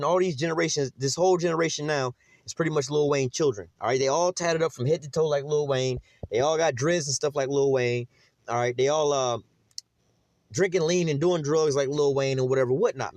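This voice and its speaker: A man's voice: medium pitch, a little mellow, no room sound. A man teaching a casual Bible lesson in a conversational, emphatic way, full of fillers.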